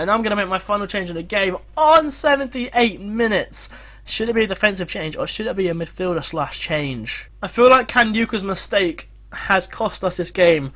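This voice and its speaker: A young man commentating on his own football management game, shifting from calm planning to frantic, shouted play-by-play. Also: high voice. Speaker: gaming YouTuber.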